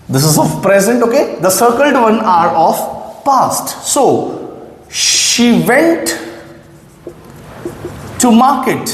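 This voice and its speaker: Male grammar teacher at a board, lively delivery, repeats key points, echoey classroom sound. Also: extremely high pitch. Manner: checks in often with the listener, repeats key phrases; writes on a board while explaining. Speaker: English teacher. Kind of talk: classroom-style grammar lesson. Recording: echoey room with long reverb.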